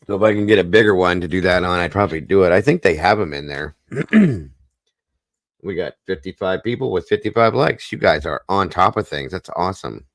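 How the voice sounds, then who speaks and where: A man hosting a live stream, chatting casually in a rambling, folksy way and clearing his throat now and then. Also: low voice, lively intonation, brisk, no echo. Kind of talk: casual chat.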